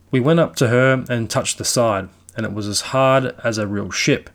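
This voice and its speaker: A man narrating a classic ghost story aloud in a measured storytelling manner. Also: mid-range voice.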